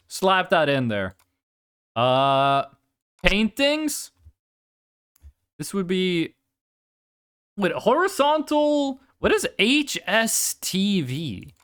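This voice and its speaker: Chatting casually while streaming a game live, the speaker has a smooth, medium-pitched voice, swears liberally and bursts into excited outcries. The audio comes from a desk microphone at home.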